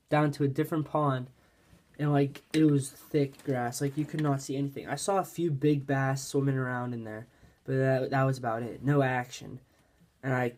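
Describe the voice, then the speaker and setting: A fishing vlogger from Pennsylvania, a man with a darkish voice on the high side, tells a fishing story. He's casual and rambling, saying "like" constantly.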